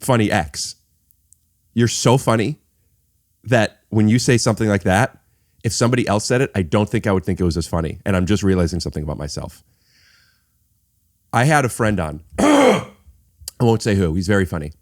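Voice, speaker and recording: Podcast host, male, lowish voice, dry close sound, rambling and self-interrupting. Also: sing-song, a little fast, pauses often, no echo. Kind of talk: casual chat.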